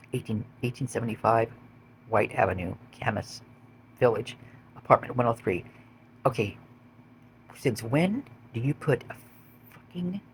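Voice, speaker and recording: A man's voice: lowish voice, vocal fry, a bit bright, a little hiss or hum. A man reading out police call logs and adding blunt, swearing commentary of his own. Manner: blunt, swears when indignant. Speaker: vlogger.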